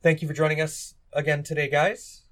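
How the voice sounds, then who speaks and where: A man's voice: a little high, brisk. A man hosting a podcast, chatting casually with his guests about a film. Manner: relaxed, thanks guests and signs off. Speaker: podcast host.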